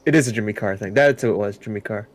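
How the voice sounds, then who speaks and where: A man's voice: lowish voice, rapid-fire, crowd noise. A man bantering and teasing his friend during a racing game stream. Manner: joking, teasing. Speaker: co-host on a gaming stream. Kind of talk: casual banter.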